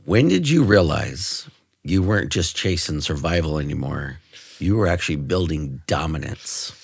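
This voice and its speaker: A man's voice: extremely low pitch, moderate pace, gravelly, slightly rough, no room sound, clean studio sound. A middle-aged man hosting a casual interview podcast, telling stories and acting out quoted dialogue. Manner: animated storyteller, acts out quoted dialogue. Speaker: podcast host.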